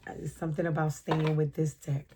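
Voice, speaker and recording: A middle-aged woman giving a spontaneous tarot reading, excitable and full of slang, laughing and breaking into snatches of song. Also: low-pitched, fairly quick, a little hiss or hum. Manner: excitable, laughing, slang-heavy, bursts into singing. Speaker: tarot reader.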